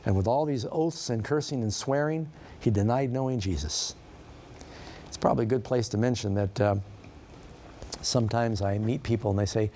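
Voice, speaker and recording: A middle-aged male pastor preaching a sermon in a conversational, storytelling way, often asking his listeners questions. His voice is mellow and dark at a medium pitch. A faint hiss sits behind it. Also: normal speed.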